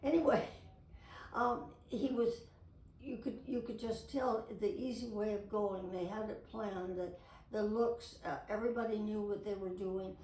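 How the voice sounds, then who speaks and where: A woman's voice: medium pitch, a little slow, a little mellow. An older woman recalls her acting days in a rambling, chatty way, often restarting her sentences. Her voice sits in a middle register and sounds set back from the mic. The room is echoey, with a faint hiss underneath. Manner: rambling, chatty, with many restarts and side trails. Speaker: retired actress telling memories. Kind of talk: casual reminiscing to camera. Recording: roomy, distant recording with faint noise.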